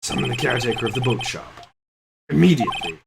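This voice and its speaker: A man's voice: medium pitch, expressive, fast talker, creaky, very noisy. A man voicing an arrogant veteran prosecutor who speaks scornfully and gives commands.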